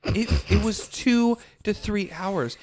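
A man telling a story in casual chat, animated and self-mocking, acting out what he said. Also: sits high, slow pace. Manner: animated, self-mocking, acts out his own quotes.

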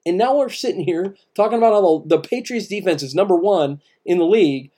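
A man's voice: high voice, animated, quick pace, hardly any pauses, warm tone. A man co-hosting a casual sports podcast, emphatic and repetitive, with many restarts. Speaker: podcast co-host.

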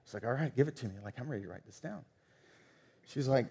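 A man in his thirties preaching a sermon, telling stories with lively acted-out dialogue. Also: medium pitch, quick pace, creaky, husky. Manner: animated storytelling, acts out quoted dialogue. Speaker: pastor.

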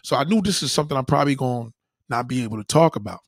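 A man casually telling a profane story to his followers, animated and slangy, often asking "you know what I mean". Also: mid-range voice, racing, no room sound, studio quality.

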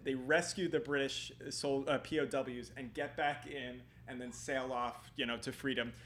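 A man's voice: mid-range voice, fairly even intonation, moderate pace, fairly bright tone, a little hiss or hum. A man casually retelling a history episode on a podcast, rambling with lots of fillers and restarts.

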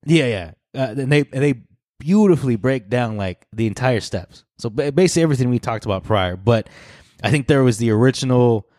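A man's voice: mid-range voice, animated, fairly quick, no room sound, clean studio sound. A man co-hosting a podcast, chatting loosely with a friend, swearing and laughing often. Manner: loose, laughing, profane banter with bursts of mock shouting. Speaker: podcast co-host. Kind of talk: casual chat.

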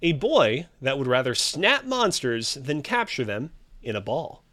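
A man's voice: medium pitch, very animated, measured pace, pushed and bright. A man hosting a trivia game show, reading clues with a theatrical, teasing quiz-host delivery.

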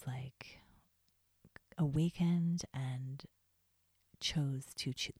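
Soft-spoken woman in whispered reflection. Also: deep voice, breathy edge, no echo, clean studio sound. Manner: soft, intimate, mostly whispered. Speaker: podcast host.

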